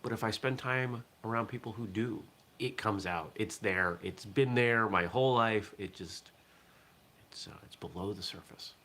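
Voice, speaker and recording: A man's voice: lowish voice, moderate pace, a bit bright, a little hiss or hum. A man from southern Maine hosting a casual morning live stream, chatting in a rambling way and reacting to viewer comments. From southern Maine, USA. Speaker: host of a martial arts morning show.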